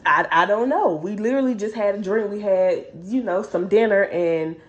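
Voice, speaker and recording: A woman voicing a frightened young wife, talking low and frantic in a casual book recap. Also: moderate pace, highs cut off, lightly acted.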